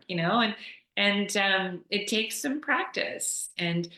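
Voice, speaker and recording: Woman, yoga teacher, casual call. Animated, laughs a lot, bright forceful tone, roomy echo. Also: medium pitch, very slow, long pauses. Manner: animated, laughs often, acts out quoted voices. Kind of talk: casual explanatory chat on a call.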